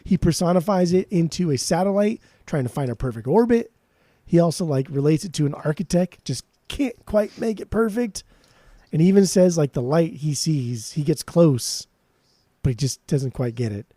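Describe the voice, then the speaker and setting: Warm-voiced enthusiastic podcast co-host man. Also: on the high side, expressive, normal speed, dry recording. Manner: enthusiastic, rambling, swears freely. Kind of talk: casual chat about music.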